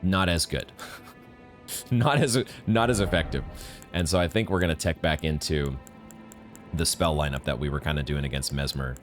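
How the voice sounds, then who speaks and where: A man with a very low voice talks through a hard boss fight, cursing freely and breaking into high, frustrated shouts. Faint game music plays under his commentary at a home desk mic. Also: fairly even intonation, a little fast. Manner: swears often, bursts into high angry yelling. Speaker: gaming streamer. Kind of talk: live gameplay commentary.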